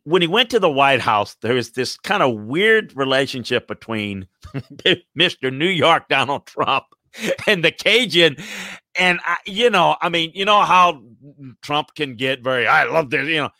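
A man in casual sports talk, rambling and animated with many restarts. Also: medium pitch, no echo, studio quality. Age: older. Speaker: sports commentator.

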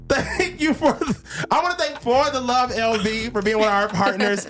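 Male podcast host, animated, half-singing asides, faint music bed. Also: very high voice, measured pace. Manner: animated, laughing, sings phrases. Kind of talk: casual podcast chat.

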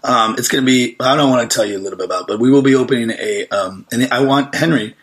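A man in his thirties co-hosting a podcast, joking and rambling through casual chat. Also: mid-range voice. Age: 30s. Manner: joking, rambling, fast-talking. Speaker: podcast co-host.

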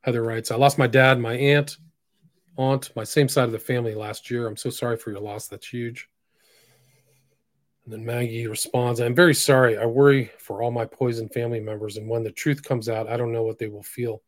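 A man hosting a solo podcast, reading posts aloud in a flat voice broken by sudden loud, emphatic bursts. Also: medium pitch, brisk, dry recording, clean studio sound. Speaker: podcast host.

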